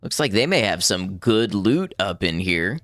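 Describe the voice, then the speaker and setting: A man's voice: lowish voice, sing-song, unhurried, a bit bright, no echo. A man casually commenting on his game as he plays, thinking aloud and chuckling often. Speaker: gaming streamer. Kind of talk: casual let's-play commentary.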